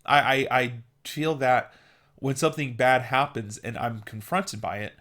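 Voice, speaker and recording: A man's voice: mid-range voice, a little slow, fairly bright tone. Earnest opinionated man vlogging. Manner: earnest and opinionated, with mocking put-on voices. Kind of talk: casual opinion monologue.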